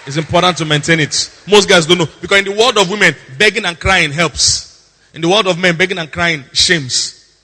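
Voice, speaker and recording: Bright, emphatic pastor. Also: male voice, sits high, moderate pace, long reverb tail, a faint crowd. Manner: emphatic, repeats lines for effect, theatrical impressions. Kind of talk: sermon.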